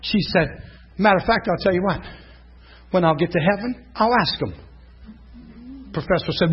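A middle-aged male pastor preaching an animated sermon, telling stories with shouts and laughter. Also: high-pitched, normal speed, pauses often, slight background noise. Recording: dull lo-fi sound, faint congregation.

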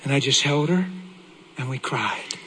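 A middle-aged man, a pastor, giving an emotional, animated sermon testimony. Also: medium pitch, measured pace, background noise.

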